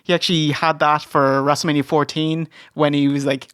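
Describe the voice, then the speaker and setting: A man's voice: fairly high pitch, flat delivery, fairly bright tone, clear, resonant tone, dry recording, clean studio sound. A man co-hosting a podcast in casual comedic review chat, sweary and joking. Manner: sweary, joking, quick laughs. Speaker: podcast co-host.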